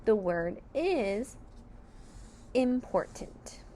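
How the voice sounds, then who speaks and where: A woman teacher slowly sounding out sight words, syllable by syllable, for young children. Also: fairly high pitch, big pitch swings, mellow, a little hiss or hum. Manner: clear, deliberate sounding out of each letter. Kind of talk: slow phonics lesson.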